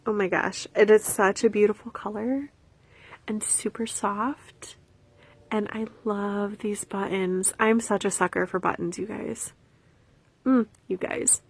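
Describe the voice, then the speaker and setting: A young woman vlogging about crafts and a gift package, gushing with excitement and dropping from soft whispers to squeals. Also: medium pitch, slow pace, creaky, pauses often, no echo. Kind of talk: casual vlog, showing crafts.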